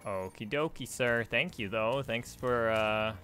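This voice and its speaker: A man giving casual, rambling commentary while playing a video game, chatty and quick to laugh. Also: mid-range voice, bright, forceful tone, soft background music. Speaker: let's play host.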